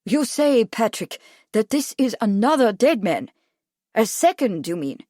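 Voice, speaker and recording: A woman's voice: a little high, sing-song, unhurried, mellow, no echo, clean studio sound. A woman voicing a commanding, imperious prince in an audiobook. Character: imperious royal prince, older man.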